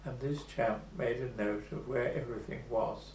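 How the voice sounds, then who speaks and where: A man in his eighties recalling the past in an oral history interview, telling his story slowly and with pauses. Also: mid-range voice, steady tone, darkish tone. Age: 80s. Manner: slow, measured storytelling with pauses. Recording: echoey room with faint hum.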